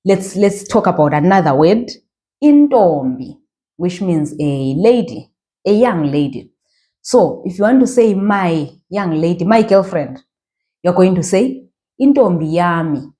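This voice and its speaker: A Zimbabwean-accented woman gives a language lesson in a lowish, mellow voice that is expressive and unhurried. Patiently, she says phrases again and asks how her learners are doing.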